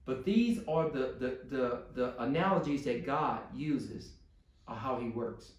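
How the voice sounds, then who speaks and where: A man's voice: medium pitch, unhurried, recorded from a distance. A man preaching a sermon as pastor to his congregation, building to pleading intensity. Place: church sanctuary. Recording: echoey church room.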